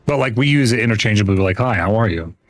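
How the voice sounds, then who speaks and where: A man's voice: on the low side, lively intonation, fast, faint music behind. A young man chatting casually with viewers while livestreaming a game, rambling with lots of restarts and easy laughs. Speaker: gaming livestreamer. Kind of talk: casual chat while gaming.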